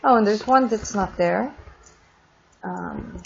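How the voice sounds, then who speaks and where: A woman teaching a French class in a recorded lesson, drawing out words slowly for pronunciation drills and adding casual asides. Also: medium pitch, creaky, muffled recording, a little hiss or hum.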